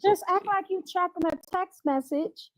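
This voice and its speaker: A woman on a live-stream panel who speaks in a pointed, direct way and gives clear instructions. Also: very high voice, unhurried, dry recording. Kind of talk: casual live-stream debate.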